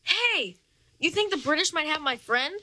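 A woman acting as a jumpy, wisecracking teenage boy with quick comebacks in a radio drama. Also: high-pitched, animated, dry recording, heavily acted. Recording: loud background noise.

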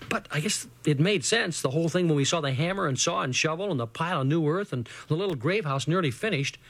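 A man reading a first-person adventure story aloud, in a lively, earnest storytelling manner. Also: on the high side, fast, no room sound.

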